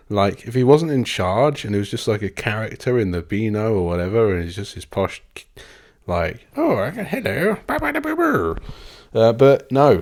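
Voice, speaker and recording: Guy, deep voice, rambly sweary solo podcast, keeps cutting himself off. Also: a little mellow. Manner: rambling, sweary, self-interrupting, laughs often. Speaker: podcast host. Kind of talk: casual solo podcast monologue.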